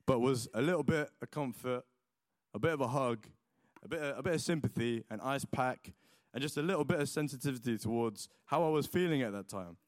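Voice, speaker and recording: A man's voice: medium pitch, fairly quick, no echo, studio quality. A young man preaching a sermon, mixing chatty personal stories full of likes and ums with Bible reading. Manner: chatty, lots of likes and ums, animated retelling.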